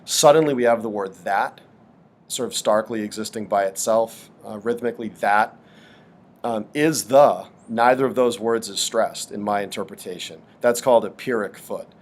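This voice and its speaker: A man teaching a literature lesson in a thoughtful, hesitant way, with frequent pauses and fillers. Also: fairly low pitch. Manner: thoughtful, hesitant with many ums. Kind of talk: explanatory lesson.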